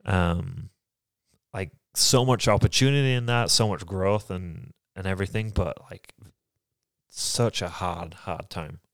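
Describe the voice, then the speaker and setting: A man from England, co-hosting a podcast and talking candidly about his life in a reflective, halting way. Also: low voice, dry recording, clean studio sound. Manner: reflective, halting, soft-spoken. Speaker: podcast co-host. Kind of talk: candid personal conversation.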